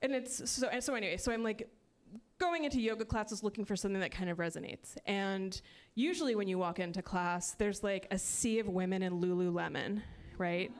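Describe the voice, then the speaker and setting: A woman works a comedy club stage. She rambles in a chatty, self-mocking way, peppering her lines with "like" and quick asides. Her pitch sits in an ordinary middle range. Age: 30s. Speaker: stand-up comedian. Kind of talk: stand-up comedy set.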